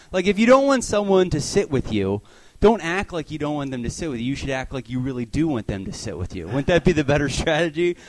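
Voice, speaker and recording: Ranting male stand-up comic. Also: medium pitch. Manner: exasperated rants with acted-out voices. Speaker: stand-up comedian. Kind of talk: stand-up comedy set. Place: comedy club stage.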